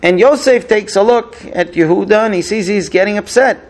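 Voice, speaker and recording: Guy teaching a torah story, lots of ums and "right?", chatty, bit high voice. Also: fairly quick. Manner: chatty, many fillers and check-ins with listeners. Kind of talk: casual storytelling lesson.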